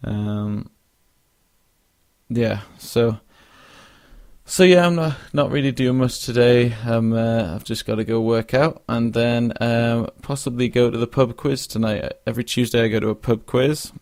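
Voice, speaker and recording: A man's voice: mid-range voice, fairly even intonation, unhurried, darkish tone, no echo, studio quality. A young man hosting a casual solo podcast, rambling with lots of fillers and restarts and yawning now and then. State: yawning, drowsy. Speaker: podcast host.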